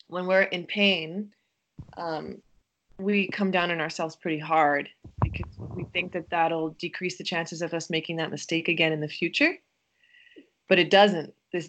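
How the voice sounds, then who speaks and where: Appearing on a podcast as a guest, a woman speaks in a slightly low voice. Her manner is gentle and reflective, with frequent pauses and hesitations as she thinks things through.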